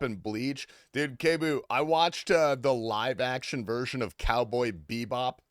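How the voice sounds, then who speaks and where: A man's voice: medium pitch, fairly bright tone, no room sound, studio quality. A man streaming a game, chatting casually with his viewers in a crude, offhand way and swearing freely. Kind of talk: casual livestream chat.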